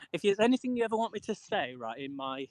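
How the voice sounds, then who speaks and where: A man's voice: high-pitched, a little hiss or hum, low-quality recording. A man with a British accent, chatting casually with live viewers while out walking outdoors, talking into a handheld phone. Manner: rambling, chatty, reads out viewer comments. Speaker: live streamer. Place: outdoors on a cold walk.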